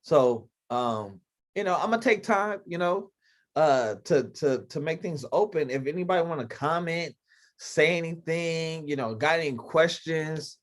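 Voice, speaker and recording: A man with a fairly high voice hosts a casual podcast chat over a video call. He talks emphatically and loosely, with plenty of fillers and rhetorical questions. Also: lively intonation, unhurried. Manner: emphatic, conversational, lots of fillers. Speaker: podcast host. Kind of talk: casual faith-based talk on a video call.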